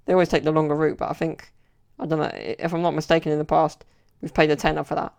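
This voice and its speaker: Flat, gravelly British man chatting. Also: on the high side, fast talker. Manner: rambling storyteller, many fillers. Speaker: podcast host. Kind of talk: casual solo podcast chat.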